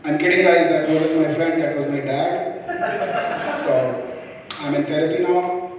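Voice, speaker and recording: A young Indian man does stand-up on a club stage, his fairly high voice stumbling through ums and restarts. The sound is very echoey, with a long hall tail, and he is heard from some way off the mic. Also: steady tone, distant mic, slight background noise. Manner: halting delivery with frequent ums and restarts. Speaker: stand-up comedian. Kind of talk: live stand-up set.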